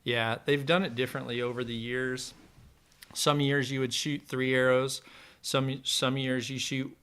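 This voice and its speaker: A middle-aged man with a smooth, resonant voice talks through a story in a loose, meandering way. His pitch sits in an ordinary middle range. He spins anecdotes casually, with lots of fillers, as a guest on a podcast. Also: measured pace. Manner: relaxed, rambling anecdotes with many fillers. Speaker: podcast guest, former pro archer.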